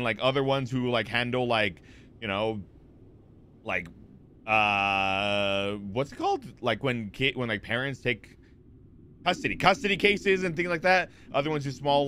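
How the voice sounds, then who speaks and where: A man's voice: medium pitch, pushed and bright, slight background noise. A man in his twenties chatting casually on a live stream, rambling with lots of fillers and restarts as he answers chat.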